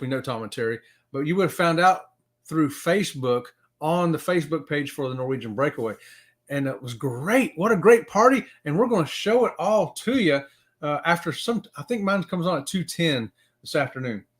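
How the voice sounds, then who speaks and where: A middle-aged man, chatting on a live stream in a fairly high voice. His pitch swings widely as he rambles with fillers. He greets viewers by name. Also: animated, a little fast. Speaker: live-stream show host. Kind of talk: casual live-stream chat.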